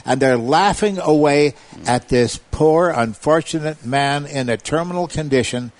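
A man's voice: a little high, measured pace, hardly any pauses, no room sound. A man telling a story in a casual conversation, acting out quotes in a raised voice. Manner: animated, quotes others in raised voice. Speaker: guest recounting an investigation.

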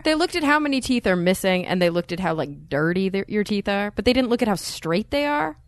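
A woman's voice: mid-range voice, very animated, brisk, no echo. Casual woman using 'like' a lot. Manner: casual, uses like a lot, questioning. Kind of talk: casual podcast chat.

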